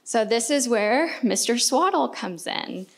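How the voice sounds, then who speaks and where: A woman's voice: on the high side, expressive, unhurried, gravelly. A woman from Indiana speaking on a conference panel, explaining a community health program with frequent fillers. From Indiana, United States.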